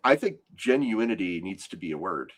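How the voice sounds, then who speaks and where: A man's voice: deep voice, very animated, moderate pace. A man from Arkansas, hosting a casual podcast chat, joking and laughing often. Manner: jokey, laughs often, trails off softly. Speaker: podcast host.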